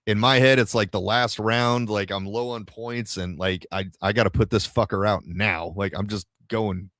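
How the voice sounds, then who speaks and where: Low-voiced man telling a rambling story. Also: steady tone, moderate pace, a bit bright, no room sound. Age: adult father of a toddler. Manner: rambling, filler-heavy, with frequent swearing. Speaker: podcast host. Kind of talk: casual storytelling to a live audience.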